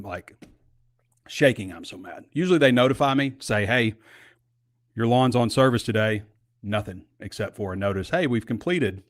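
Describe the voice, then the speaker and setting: Low-voiced man hosting sports talk. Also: no room sound, clean studio sound. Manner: conversational, rambling with asides. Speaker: sports show host. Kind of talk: casual sports talk show.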